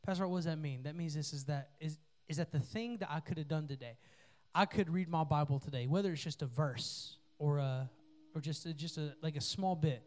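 A young man preaching to a youth group, playful and joking with the crowd, then rising to energetic calls for response. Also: a little high. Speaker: youth pastor. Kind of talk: sermon.

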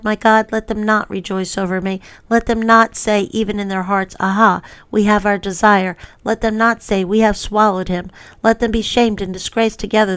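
A woman reads psalms aloud in an even, steady voice. Her tone is smooth and clear, and her pitch barely moves from line to line. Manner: steady reading with occasional fillers.

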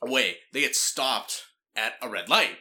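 A man's voice: mid-range voice, lively intonation, unhurried, bright, forceful tone. A young man from Canada, chatting casually as a podcast co-host and telling a story with plenty of fillers and casual swearing.

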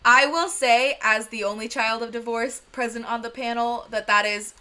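Podcast co-host, female, high bright voice, giggly and rambling. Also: fairly even intonation, normal speed. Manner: laughing, playful, rambling. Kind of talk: casual film discussion.

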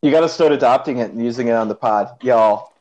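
A man's voice: medium pitch, fast talker, a little mellow. A man from the Midwest hosting a podcast in casual chat, chatty and laughing often. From American Midwest. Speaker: podcast host. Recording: slightly dull lo-fi sound.

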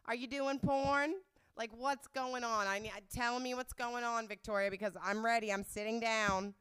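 A woman's voice: a little high, fairly even intonation, normal speed, smooth, dry recording, pitched above the performer's own voice, lightly acted. A woman imitating her exasperated middle-aged mother, using a nasal, scolding voice. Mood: pleading, dismayed. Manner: yelling, scolding, swearing.

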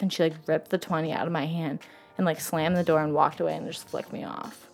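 Young woman, low voice, says "like" nonstop, rambling story, faint music behind. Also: little pitch movement, a little fast, creaky. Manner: says "like" constantly, rambling and emotional. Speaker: interviewee telling her story. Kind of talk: casual storytelling.

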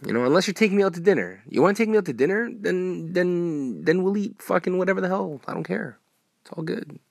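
A man hosting a solo podcast, ranting in a profane, rambling way with sudden loud outbursts. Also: high-pitched, animated, quick pace, gravelly, no room sound, clean studio sound. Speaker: podcast host.

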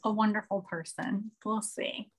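A woman's voice: mid-range voice, fairly even intonation, a little slow. A woman podcast co-host in casual chat, mostly agreeing with short affirmations. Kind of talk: casual chat about reality TV.

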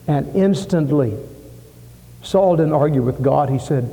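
A male pastor preaching with an emphatic, rousing delivery that stacks repeated phrases. His voice sits a little high yet sounds mellow and relaxed. The church hall gives it a long, ringing reverb. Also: measured pace, creaky. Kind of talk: sermon.

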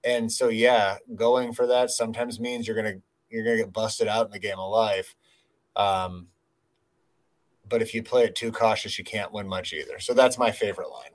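A man's voice: fairly low pitch, fairly even intonation, moderate pace. A man co-hosting a podcast in casual chat, reflective and rambling with many fillers. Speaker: podcast co-host.

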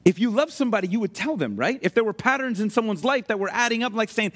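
A man's voice: sits high, fast, hardly any pauses. A man preaching a sermon in a conversational way, often asking his listeners questions. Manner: animated, conversational, asks the audience often.

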